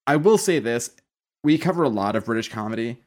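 Animated man riffing casually on a podcast. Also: medium pitch, brisk. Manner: animated, profane, quotes films in silly voices. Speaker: podcast co-host. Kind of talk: casual chat.

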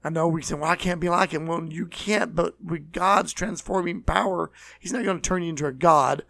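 A man preaching a sermon, earnest and repetitive, slowing down to stress key words. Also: on the high side, fairly even intonation, vocal fry, fairly bright tone. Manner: earnest, repeats phrases, slows for emphasis.

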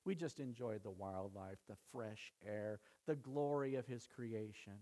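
A man preaching a sermon to his church, building emphasis through repeated phrases and easing into quiet prayer. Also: fairly low pitch, unhurried. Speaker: pastor.

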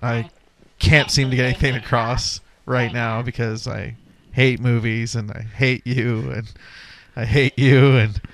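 A man's voice: mid-range voice, level tone, measured pace, a bit bright. A man co-hosting a podcast, sardonic and profane in casual banter. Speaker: podcast co-host.

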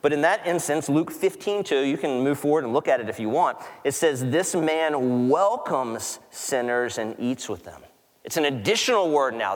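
Brief: male pastor, mid-pitched, lively conversational sermon delivery, long reverb from a large hall. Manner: conversational, animated storytelling with quick asides.

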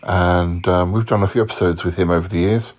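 A man hosting a podcast, moving haltingly between a comedy sketch and an episode recap with many ums. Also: low voice, steady tone. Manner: hesitant, full of ums, mock-formal. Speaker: podcast host. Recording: dull lo-fi sound.

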